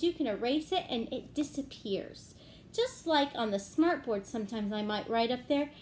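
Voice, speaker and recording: A woman teacher giving a gentle phonics lesson to young children, clapping out words syllable by syllable. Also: fairly high pitch, a little hiss or hum.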